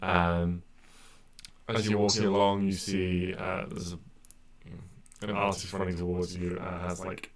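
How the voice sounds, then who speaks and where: A man's voice: sits low, level tone, measured pace. A man as game master, describing scenes in a rambling way full of fillers. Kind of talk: narrating a tabletop game.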